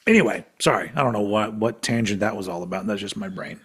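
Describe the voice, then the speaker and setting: This co-host's voice is fairly low and a bit rough, and he speaks quickly. On a laid-back podcast he rambles through tangents, swears liberally and keeps laughing mid-sentence.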